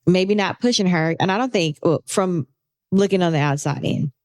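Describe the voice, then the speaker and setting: A woman's voice: on the low side, moderate pace, a little mellow, no room sound, clean studio sound. A woman co-hosting a casual podcast, giving thoughtful, rambling answers full of "you know.". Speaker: podcast co-host.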